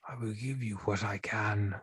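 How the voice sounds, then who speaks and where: A man voicing a restless bandit spirit in whispered role-play, striking a bargain in a ghostly, breathy whisper. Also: fairly low pitch, fairly even intonation, normal speed, a bit bright, no echo. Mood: eerie bargaining.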